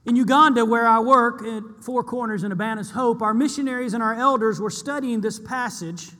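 A man's voice: very high voice, a little fast, sharp tone, in a large hall. A man preaching a sermon to his church, earnest and emphatic, repeating key lines for weight.

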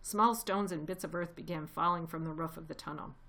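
A woman narrating a children's storybook aloud, gently expressive. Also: low voice, fairly quick.

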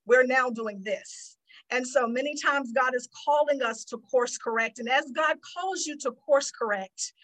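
A woman's voice: high-pitched, normal speed, few pauses, fairly bright tone, poor audio. A woman hosting a faith-based motivational podcast, talking earnestly like a preacher and acting out her prayers to God. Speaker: podcast host.

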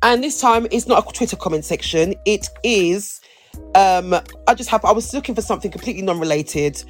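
A woman of medium pitch talks briskly while co-hosting a podcast, with soft music underneath. She's playful and meandering, often starting sentences over.

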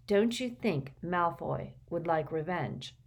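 A stubborn, earnest teenage boy, as a woman reader puts him on, speaking slowly and insistently. He sounds frustrated, pressing his case in an audiobook. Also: fairly low pitch, animated, exaggerated voice.

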